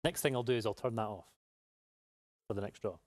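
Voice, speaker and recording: A man's voice: on the low side, brisk, no echo, studio quality. A man hosting a live prize draw, chatty, upbeat and jokey. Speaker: giveaway live draw host. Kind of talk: casual live-stream chat.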